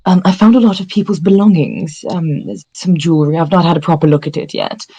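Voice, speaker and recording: A man playing in a tabletop game, chatting casually in a quick-witted, joking way. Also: on the high side, mellow, husky. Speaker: player.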